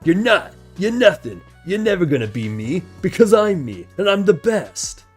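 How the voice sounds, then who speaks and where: Man putting on an arrogant shouting animatronic bear. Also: sits high, big pitch swings, normal speed, breathy edge, faint music behind, pitched above the performer's own voice, exaggerated voice. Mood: arrogant boasting. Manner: boastful and shouting.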